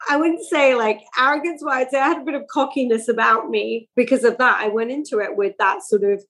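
A woman, telling stories as a podcast guest in a lively, chatty way. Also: a little high, a little fast, low-quality recording. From England. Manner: animated, chatty storytelling. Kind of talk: podcast interview.

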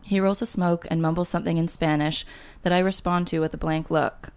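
A woman's voice: lowish voice, steady tone, fairly quick, darkish tone, clear, resonant tone. A woman author chatting casually on a podcast and reading her memoir aloud, laughing often. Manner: laughs often, reads with light voicing of dialogue. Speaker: guest author.

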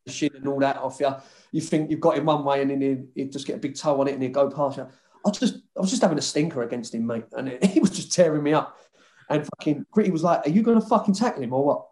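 This man, a former footballer guest, talks fast in a medium-pitched, darkish voice. His casual chat is packed with rowdy football stories, loads of swearing, frequent laughter, and mimicry of others.

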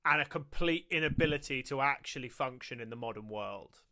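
A man's voice: medium pitch, brisk, bright, forceful tone. A British man co-hosting a podcast, chatting casually in a joking, rambling way. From Britain. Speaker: podcast co-host. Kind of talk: casual chat.

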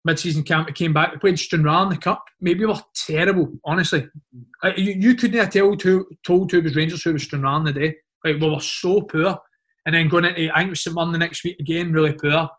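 With a fairly high voice and a Scottish accent, a man spins loose, animated dressing-room anecdotes. He sounds like an ex-footballer catching up with a mate, talking fast and tucking "mate" and "like" into almost every line of this casual storytelling chat.

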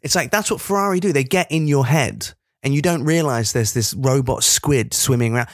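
A man co-hosting a podcast in casual comedic chat, animated and sweary. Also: mid-range voice, brisk, no echo, studio quality. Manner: animated and sweary, breaking into impressions. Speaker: podcast co-host.

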